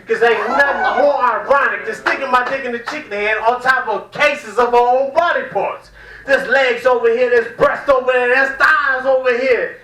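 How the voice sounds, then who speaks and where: A man from the American South doing a loud, profane, rambling stand-up set in a small cafe comedy room. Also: very high voice, normal speed, few pauses. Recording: echoey room, mic at a distance.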